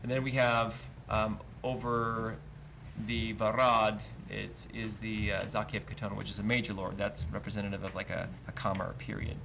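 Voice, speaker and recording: A man's voice: lowish voice, little pitch movement, normal speed, vocal fry. A man teaching a verse-by-verse Hebrew lesson, explaining cantillation marks patiently and chanting each trope name aloud. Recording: livestream with faint noise.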